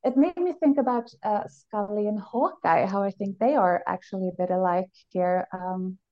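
Thoughtful woman, slightly muffled. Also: mid-range voice. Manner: reflective, analytical, halting with pauses. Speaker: podcast co-host. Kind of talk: casual chat.

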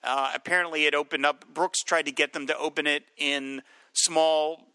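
A bright, ringing male voice, a little higher than most, talking over a film in relaxed podcast chat. He gets animated and jumps into shouted impressions of lines from the movie. The sound is dry and close. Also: normal speed, clear, resonant tone, dry recording. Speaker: podcast co-host.

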